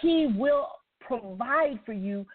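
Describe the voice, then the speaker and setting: A woman's voice: on the high side, lively intonation, slow. Woman talk-radio host on a tinny line. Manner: conversational and preachy, retelling a story with asides. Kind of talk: motivational talk radio monologue.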